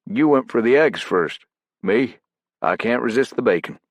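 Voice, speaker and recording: Man voicing laid-back veteran ops leader, folksy and teasing, audiobook, husky rasp. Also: mid-range voice, animated, normal speed, no room sound, voice pushed up. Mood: wry. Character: wry, fraternal veteran special ops team leader, man.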